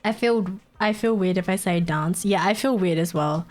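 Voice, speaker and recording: A woman's voice: fairly low pitch, normal speed, soft background music. A young Australian woman chatting casually on a live stream, laughing often and poking fun at accents. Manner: giggly, chatty, mocks accents.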